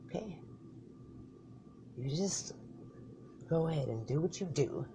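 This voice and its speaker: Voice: medium pitch, lively intonation, a little slow, pauses often, background noise. A performer in a solo comedy skit voicing both sides of a bickering couple, with slangy, profane banter and mumbled asides. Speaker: comedic podcaster.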